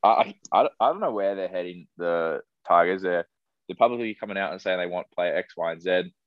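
A young man with an Australian accent co-hosting a casual podcast, chatty and relaxed. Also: sits low, brisk, dry recording. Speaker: podcast co-host. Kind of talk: casual chat. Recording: dry, dull lo-fi sound.

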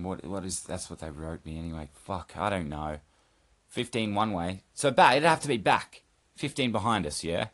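A man's voice: low voice, normal speed, fairly bright tone. A man hosting a casual solo podcast check-in from home, rambling and swearing, mocking himself and scolding his cat. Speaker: podcast host.

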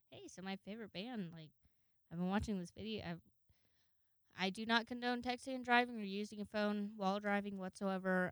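A woman's voice: medium pitch, clear, resonant tone, dry recording. A young woman casually telling stories to her viewers, chatty and profane, laughing often. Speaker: vlogger. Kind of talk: casual storytelling to camera.

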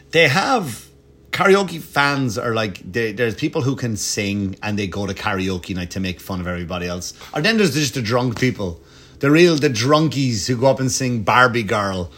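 A middle-aged Irish man, a comedian, telling profane, animated anecdotes at home with lots of asides. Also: medium pitch. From Ireland. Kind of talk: casual storytelling. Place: home, dog nearby.

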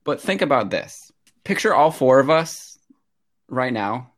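A man's voice: mid-range voice, sing-song, a little slow. A man co-hosting a podcast, joking along and laughing as he makes an enthusiastic case. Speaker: podcast co-host. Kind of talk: casual podcast banter.

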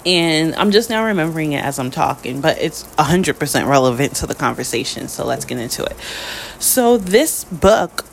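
An American woman delivering a spoken opinion monologue, emphatic, with her pitch rising on key points. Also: animated, normal speed, a little hiss or hum. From United States.

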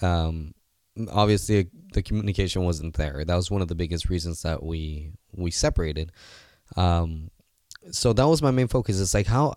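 A man's voice: on the low side, a little mellow, dry recording, clean studio sound. A man in his twenties, a guest on a casual interview, talking earnestly and rambling with many fillers and restarts. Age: 20s. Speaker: guest, seminar organizer.

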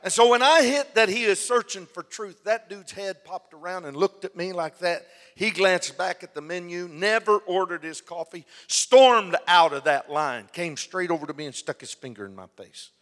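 Animated high-pitched male preacher in a hall. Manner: animated storytelling, acting out other people's lines. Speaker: pastor. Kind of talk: sermon. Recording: long hall reverb.

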